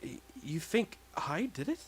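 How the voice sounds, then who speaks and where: A man's voice: on the high side, big pitch swings, unhurried, slight background noise, pitched above the performer's own voice. A man voicing a nervous ordinary teenage boy who stammers and pleads. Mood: flustered. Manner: flustered, stammering.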